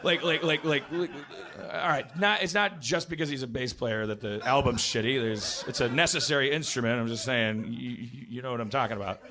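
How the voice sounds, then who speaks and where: A man's voice: medium pitch, brisk, few pauses, a crowd in the background. Rambling man telling a bar story. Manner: rambling, self-interrupting, lots of restarts. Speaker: podcast host telling a story. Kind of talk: live comedy podcast storytelling. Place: live stage show.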